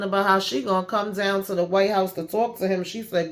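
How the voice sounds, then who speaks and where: A woman hosting a casual TV episode recap who talks in an animated, slangy way and acts out the characters. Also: medium pitch, brisk, few pauses. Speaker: YouTube TV recap host.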